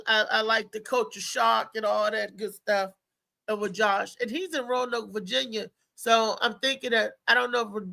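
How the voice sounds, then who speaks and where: A middle-aged woman comedian with a gravelly, bright voice tells a loose, rambling story in casual talk-show banter. She laughs a lot and restarts her sentences as she goes. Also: on the high side.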